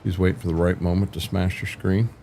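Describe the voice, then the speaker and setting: A man's voice: low voice, little pitch movement, fast, dark tone, slight background noise. An older man hosting a livestream, chatting casually with viewers in a rambling way, restarting sentences often and cursing mildly. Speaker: livestream host. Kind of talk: casual chat while streaming a farming game.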